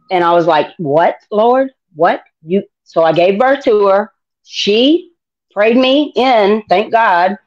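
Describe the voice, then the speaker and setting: A middle-aged American woman sharing her faith testimony in an interview, animated and acting out dialogue in voices. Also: mid-range voice, dull audio. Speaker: guest.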